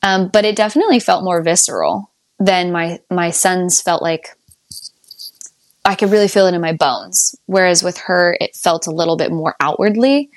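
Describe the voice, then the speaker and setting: A young adult woman tells her birth story to a podcast host in a casual, chatty way. She laughs often, and her voice leaps up high whenever she quotes herself. The sound is dry, with almost no room in it. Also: moderate pace, dry recording. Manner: animated, laughs often, jumps up high when quoting herself.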